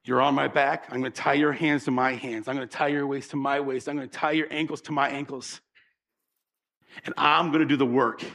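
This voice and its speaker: A man voicing Jesus in a sermon story, speaking quietly, gently and earnestly. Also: mid-range voice, flat delivery, fairly quick, vocal fry. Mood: reassuring.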